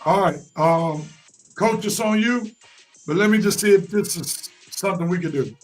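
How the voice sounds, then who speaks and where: Man, host, sports talk, brisk, high voice, video call mic. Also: soft background music. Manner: brisk, moves the panel from pick to pick.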